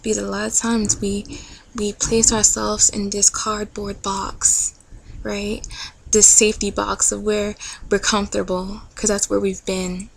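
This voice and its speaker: Young woman, casual testimony vlog, earnest and chatty, gravelly voice. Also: mid-range voice, level tone, a little slow, slight background noise, rough recording. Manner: earnest, chatty, many fillers and "like". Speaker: vlogger.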